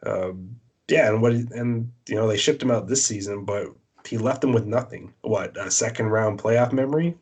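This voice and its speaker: A Canadian man co-hosting a casual sports podcast, his voice sitting fairly low. He argues his opinions bluntly, stopping often on "uh" and "um" as he goes. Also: normal speed, a little mellow, slightly rough. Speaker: podcast co-host.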